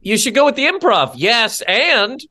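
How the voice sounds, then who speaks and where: A man's voice: extremely high pitch, normal speed. A man appearing as a guest comedian on a podcast, riffing and telling stories. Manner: riffing, lively delivery.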